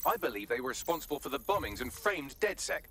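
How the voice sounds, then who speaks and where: A wry resistance handler. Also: male voice, on the high side, animated, fast, creaky, a bit bright, a little hiss or hum. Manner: dry, wry asides. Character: wry male resistance ally giving missions.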